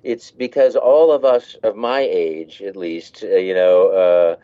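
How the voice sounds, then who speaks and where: A man's voice: deep voice, slow, muffled recording. A man who works as a voice actor, talking casually in an interview and laughing as he demonstrates voices.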